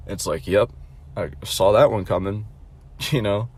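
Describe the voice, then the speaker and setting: A man's voice: fairly low pitch, normal speed, slightly rough. A young adult man telling a casual storytime rant, blunt and mocking, rambling with lots of fillers and restarts and frequent swearing. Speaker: vlogger.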